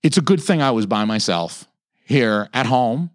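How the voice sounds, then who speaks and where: Male podcast host, thirties, animated profane ranting, mid-pitched voice, dry close mic. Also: moderate pace, no echo. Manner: animated, heavy swearing, mock-quoting others in raised pitch. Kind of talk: casual profane podcast rant.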